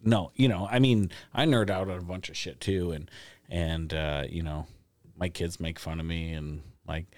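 A low-voiced man hosts a casual podcast chat, joking and laughing easily. He's recorded close on a studio mic in a dry, dead room. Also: steady tone, moderate pace, a little mellow, dry recording. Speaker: podcast host.

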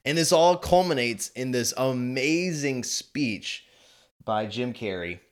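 A man in his twenties giving chatty movie commentary, animated and quick to laugh. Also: mid-range voice. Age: 20s. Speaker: video host.

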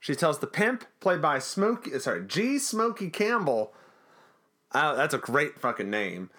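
A man's voice: fairly high pitch, sing-song, a little slow, sharp tone. A man co-hosting a podcast, casually recapping a TV episode in a jokey, rambling way. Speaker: podcast co-host.

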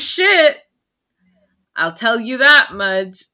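A woman co-hosts a casual podcast with a bright, cutting voice at a middle pitch. She is brash and profane, piling on comic exaggeration. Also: big pitch swings, takes it slowly. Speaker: podcast co-host. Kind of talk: casual chat.

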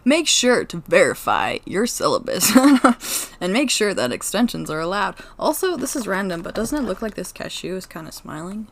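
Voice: medium pitch, very animated, moderate pace, gravelly, hardly any pauses, fairly bright tone. A podcast co-host in casual chat, teasing and playful, saying "like" often.

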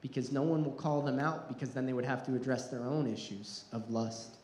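A man's voice: medium pitch, steady tone, fairly quick, darkish tone, reverberant, a little hiss or hum, poor audio. A man preaching a sermon as pastor, earnest and building in intensity, sometimes repeating words as he restarts.

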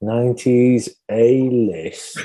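A man's voice: medium pitch, mellow. A man co-hosting a podcast, rambling and joking as he guesses. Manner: rambling, jokey, quick to laugh. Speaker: podcast co-host. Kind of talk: casual comedic chat.

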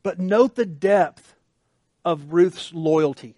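Earnest, high-voiced male pastor. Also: a little slow, no room sound, clean studio sound. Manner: earnest, conversational, with restarts. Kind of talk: sermon.

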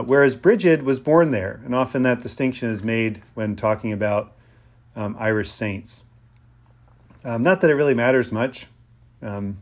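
A man from Pennsylvania preaching an informal, conversational sermon, with frequent pauses, ums and restarts. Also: medium pitch. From Pennsylvania, USA.

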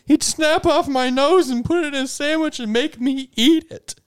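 Man putting on a high squeaky teen boy, nervous, fidgety, sandwich-shop waiter, improv comedy. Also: normal speed. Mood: jittery. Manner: high, jittery and eager to please. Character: nervous teenage boy working a sandwich counter. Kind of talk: improvised comedy role-play.

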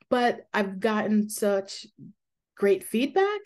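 A woman hosting her own podcast, talking candidly and reflectively in a casual way, with fillers and soft laughs. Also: mid-range voice, normal speed. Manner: calming voice for guided meditations. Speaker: podcast host. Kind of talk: casual personal podcast talk.

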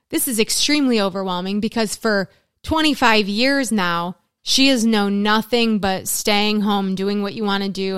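Smooth-voiced middle-aged woman, earnest and dry. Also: medium pitch, fairly bright tone, dry recording. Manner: earnest, talks in long lists. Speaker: guest, works with mothers in recovery. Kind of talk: casual conversation.

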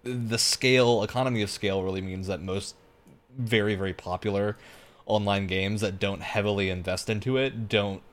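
A man with a fairly low voice co-hosting a relaxed gaming podcast. He explains his views at length, working through each point with fillers and restarts. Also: moderate pace. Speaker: podcast co-host, game developer. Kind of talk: casual panel chat.

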